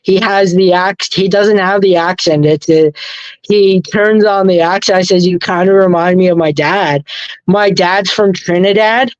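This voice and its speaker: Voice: medium pitch, steady tone, measured pace, no room sound. A speaker chatting casually in an easygoing way, often laughing. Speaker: podcast co-host. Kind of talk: casual chat. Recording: dull, lo-fi dry recording.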